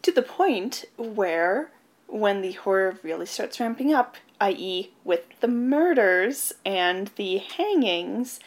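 A woman's voice: mid-range voice, animated, takes it slowly. A woman co-hosting a casual movie podcast, retelling the plot and adding dry jokes. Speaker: podcast co-host. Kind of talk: casual plot recap and chat.

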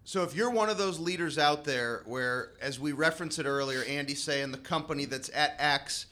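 A man's voice: fairly high pitch, normal speed, pushed and bright. A man co-hosting a business podcast, speaking earnestly and giving motivational advice. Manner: earnest and motivational, retells conversations. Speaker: podcast co-host. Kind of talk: casual business podcast chat.

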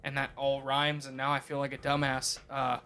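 A man's voice: mid-range voice, monotone, moderate pace, pushed and bright, slight background noise. A man in his thirties co-hosting a podcast, talking in a rambling, profane, casual way and laughing often. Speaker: podcast co-host.

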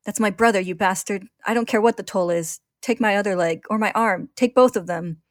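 A woman's voice: lowish voice, steady tone, brisk, no room sound, studio quality. A woman voicing a desperate teenage boy alchemist, talking in an urgent, pleading way. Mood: furious.

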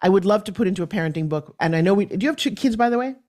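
A woman's voice: medium pitch, animated, racing, a little mellow. A middle-aged woman, a podcast guest, telling parenting stories and acting out the voices of her children and others. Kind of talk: conversational storytelling.

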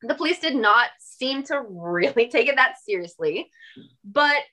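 A woman guest on a podcast, telling a personal story in an animated, emphatic way and swearing now and then. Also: high voice, a little slow. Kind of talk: casual storytelling conversation.

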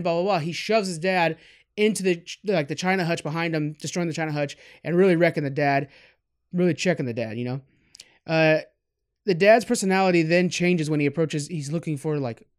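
A man's voice: on the high side, smooth. A man giving a casual, candid film review, rambling with asides and self-corrections. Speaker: movie reviewer.

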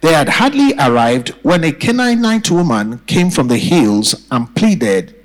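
A man's voice: a little high, sing-song, a little slow, hardly any pauses, low-quality recording. A man preaching a sermon to a congregation, repeating phrases for emphasis and calling for responses. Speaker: pastor. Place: church.

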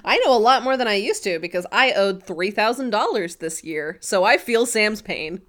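A woman co-hosting a podcast in a loose, animated way, quick to laugh. Her voice sits at an ordinary middle pitch for a woman. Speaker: podcast co-host. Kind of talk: casual chat.

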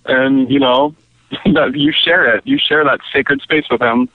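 A man's voice: mid-range voice, steady tone, a little slow, no room sound. A man calling in to a comedy podcast, playful and goofy, with frequent giggles. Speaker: caller. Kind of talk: casual comedic call-in chat. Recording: dull, lo-fi call audio.

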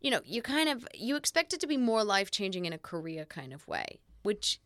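A woman's voice: mid-range voice, very animated, brisk, a bit bright, no echo. A young woman with an Australian accent, chatting as a guest in an interview, full of "like" fillers and restarts. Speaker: guest actress. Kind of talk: casual interview chat.

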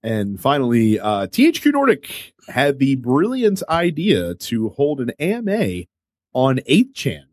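A man's voice: mid-range voice, wildly swooping pitch, unhurried, dry recording, studio quality. A man hosting a casual gaming podcast, running through news items conversationally with fillers. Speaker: podcast host.

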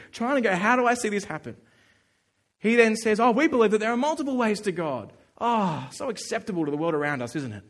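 A male pastor preaching a sermon, telling a personal story in an animated, earnest way and acting out his own thoughts. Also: high-pitched. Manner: earnest and emphatic.

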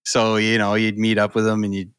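Bright-voiced New man, easygoing. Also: on the low side, monotone, a little fast, smooth, dry recording, clean studio sound. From New Brunswick, Canada. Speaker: podcast co-host. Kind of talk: casual chat.

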